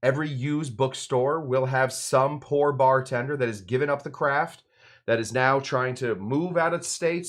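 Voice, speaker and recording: Rambling man hosting a cocktail show. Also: mid-range voice. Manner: rambling, loose, full of fillers and side remarks. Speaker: bartender and show host. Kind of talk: casual cocktail-making demonstration.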